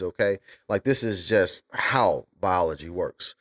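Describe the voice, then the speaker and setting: An American man co-hosting a casual podcast discussion, blunt and preachy, cursing and growing loud and emphatic as he makes his points. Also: deep voice, expressive, a little slow. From USA. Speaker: podcast co-host.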